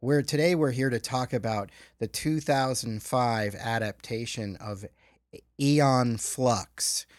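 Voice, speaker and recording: A man's voice: medium pitch, slow, no echo, studio quality. A middle-aged man hosting a film podcast, reading a polished intro, then chatting casually. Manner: reads a polished intro, then relaxed banter. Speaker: podcast host.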